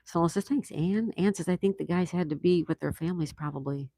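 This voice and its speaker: A man's voice: a little high, a little fast, warm tone, no echo. A man hosting a casual livestream, reading viewer comments aloud and reacting with easy laughs. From United States. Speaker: livestream host reading chat. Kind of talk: casual live chat.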